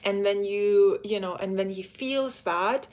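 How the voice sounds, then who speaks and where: A woman giving dating advice in a live stream, talking straight to her female viewers in a chatty, direct way. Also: medium pitch. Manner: acts out quoted men in quick put-on voices. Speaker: dating coach.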